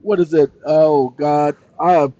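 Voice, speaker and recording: A man's voice: a little high, fairly even intonation, warm tone, no room sound. A man talks loosely to his screen, joking and trailing off. The recording is dry, close and a little dull, with no room sound behind him. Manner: slow, deliberate reading with dictated punctuation. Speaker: channel host. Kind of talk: casual solo talk, reading aloud from a screen.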